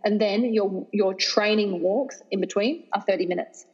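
An Australian woman fitness trainer speaks energetically and with emphasis in a podcast interview. Her voice is a little husky. The sound is dull and lo-fi, with a long reverb trailing behind it. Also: medium pitch, normal speed. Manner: energetic, emphatic, laughs easily.

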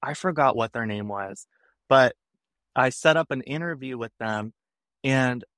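Young guy guesting on a podcast, chatty storyteller, does the voices of people he quotes, mid pitch, dry sound. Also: measured pace, dry recording. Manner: animated, acts out quoted people. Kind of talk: casual storytelling.

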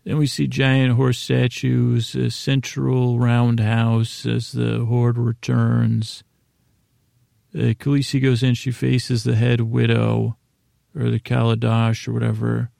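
Gravelly, flat-voiced man rambling a recap. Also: mid-range voice, no room sound, studio quality. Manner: meandering, halting, loosely paraphrases dialogue in a casual retelling. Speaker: sleep podcast host. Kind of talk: rambling episode recap meant for falling asleep.

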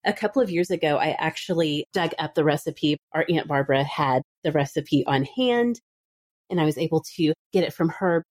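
A woman's voice: deep voice, lively intonation, normal speed, darkish tone. A woman in her thirties hosting a podcast, chatting casually and laughing often. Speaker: podcast host. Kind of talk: casual chat.

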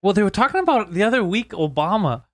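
Male co-host, quick profane storyteller, dry close sound. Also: high-pitched, sing-song, no room sound. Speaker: podcast co-host. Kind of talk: casual comedic chat.

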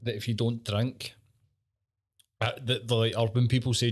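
A Scottish man chats on a podcast in a low voice. He swears freely and laughs easily as he tells stories. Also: little pitch movement, a little fast. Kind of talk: casual chat.

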